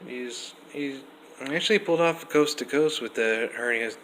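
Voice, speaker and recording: A young man giving a casual, rambling wrestling review, restarting sentences often and getting animated. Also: mid-range voice, moderate pace, low-quality recording. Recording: faint background noise.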